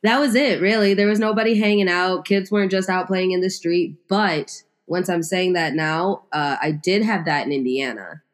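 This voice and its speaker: A woman's voice: fairly low pitch, moderate pace, few pauses. A young adult woman in casual chat as a podcast co-host, rambling with lots of "like" and restarts.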